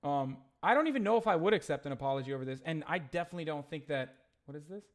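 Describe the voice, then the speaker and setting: Reading his chat out loud on a live stream, a young man rants heatedly and rambles with plenty of swearing and frequent restarts. He sounds a little high-pitched and animated, and he talks very fast.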